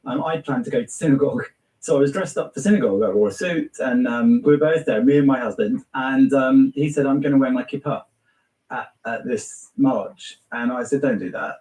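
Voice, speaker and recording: Male interviewer, chatty and hesitant, mellow voice, off-mic in an echoey room. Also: mid-range voice, fairly quick. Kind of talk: conversational interview. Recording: roomy, distant mic.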